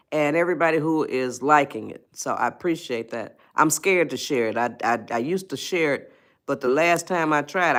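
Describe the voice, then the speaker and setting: A woman's voice: sits low, a bit bright. A woman hosting a casual live stream, chatting with viewers and coaxing them to reply. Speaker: livestream host, life coach.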